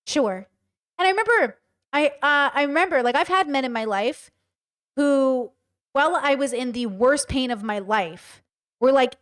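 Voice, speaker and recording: A woman's voice: high-pitched, animated, measured pace. A woman streaming casual live commentary, talking bluntly and with emphasis straight to her chat. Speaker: streamer reacting to a show.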